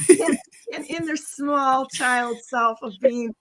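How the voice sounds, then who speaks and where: A middle-aged woman telling a family story in casual chat, animated and laughing, checking in with "okay?" and "right?". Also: high-pitched, drawn-out words. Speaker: co-host.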